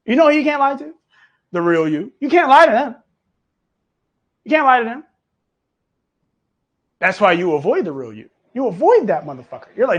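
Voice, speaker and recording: A man with a very high voice coaches his audience live, mocking and swearing freely. His pitch swings widely from line to line, and his delivery is animated and preachy. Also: moderate pace, long pauses, breathy edge. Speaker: host.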